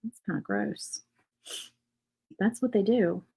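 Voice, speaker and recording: A woman's voice: mid-range voice, slow, creaky, warm tone, breathy edge, rough recording. Chatty woman giving a painting tutorial. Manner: chatty and rambling, thinks aloud with fillers and asides. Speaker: craft channel host. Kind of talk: casual painting tutorial chat.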